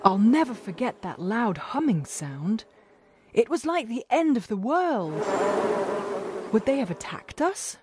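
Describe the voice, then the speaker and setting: A woman voicing an awed male villager who excitedly recalls a bee swarm, his voice pitched up. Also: measured pace, heavy background noise.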